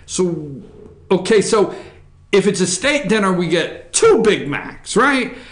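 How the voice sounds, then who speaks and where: A man mimicking a blustering male president who would rather eat fast food than a fancy dinner. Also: sits high, very animated, reverberant, heavily acted. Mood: wheedling.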